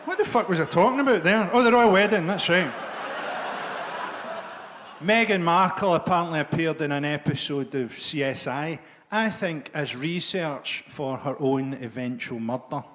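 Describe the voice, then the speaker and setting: Sardonic comedian, high voice. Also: male voice, moderate pace, background noise. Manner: dark, sardonic, swearing. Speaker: stand-up comedian. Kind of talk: stand-up comedy set.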